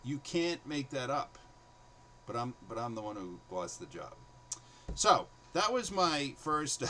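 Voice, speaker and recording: A man's voice: mid-range voice, a little hiss or hum, low-quality recording. A man, a former teacher, telling stories from his classroom days in a casual monologue, acting out the students' lines. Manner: animated, acts out students' voices in quotes.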